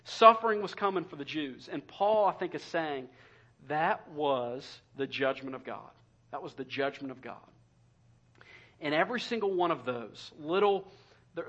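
Male pastor, emphatic sermon delivery, a little high-pitched, muffled church recording. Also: a bit bright. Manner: impassioned preaching, emphatic repetition.

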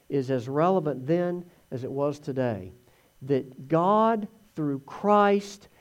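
A man giving a conversational sermon, telling the Gospel story in an animated way. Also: fairly high pitch. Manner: animated storytelling, acts out voices in quotes. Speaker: preacher teaching from the Gospels.

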